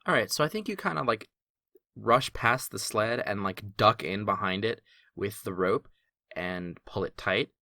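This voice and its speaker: A man's voice: fairly low pitch, measured pace, gravelly, sharp tone, no echo, clean studio sound. A man running a tabletop game as game master, laid-back and joking as he talks through his rulings.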